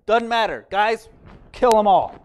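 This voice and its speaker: A man's voice: high voice, very animated, unhurried, a bit bright, heavily acted. A man voicing an angry king who orders harsh punishment. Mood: furious. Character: furious vengeful male king.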